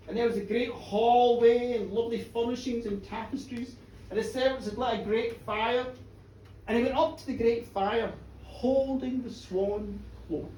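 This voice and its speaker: A woman's voice: on the high side, normal speed, a little hiss or hum. Woman telling a tale in a bar. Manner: dramatic, swings from hushed to shouting. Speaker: storyteller. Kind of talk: live folk tale telling. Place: bar, live performance before an audience. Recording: roomy, distant live bar recording.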